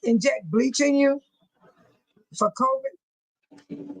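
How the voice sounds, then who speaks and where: Stream host, woman with a high voice, chatty and colloquial, laughs a lot between stories. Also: moderate pace, a bit bright, rough recording. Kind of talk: casual chat with viewers.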